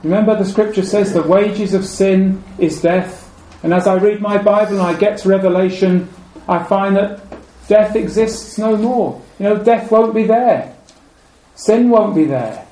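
The sermon comes from a preacher with a mellow, warm, high voice, paced in a measured way. Repeating key phrases, he lets them fade low and soft, and the echoey room holds faint ambient noise.

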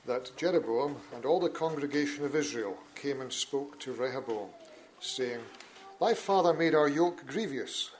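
Man reading scripture aloud, measured. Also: medium pitch, slight background noise, low-quality recording. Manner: measured, steady reading of old-fashioned scripture with brief asides to the listeners. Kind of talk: Bible reading at a church meeting.

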